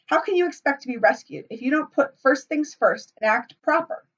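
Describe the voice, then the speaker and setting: A woman's voice: fairly high pitch, moderate pace. A woman voicing a chubby, anxious schoolboy with glasses, whiny and indignant. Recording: muffled, from a distance.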